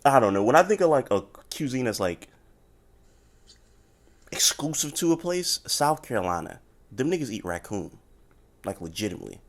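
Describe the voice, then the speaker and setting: A man hosting a podcast from Florida, chatting loosely and joking in quick bursts over a call. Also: mid-range voice, big pitch swings, creaky. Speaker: podcast host. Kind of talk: casual chat. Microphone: remote call mic.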